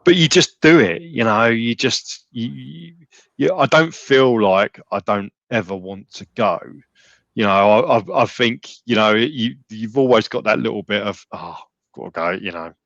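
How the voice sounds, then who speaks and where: A man's voice: medium pitch, a little slow, creaky, a bit bright, dry recording, highs cut off. A man talking casually as a podcast guest, rambling with many restarts and fillers. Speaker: gym member guest.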